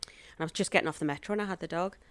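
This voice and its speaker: An actress and stand-up comic, guesting on a podcast, tells animated stories and acts out the dialogue she quotes. Her lowish voice goes very fast, with no room sound.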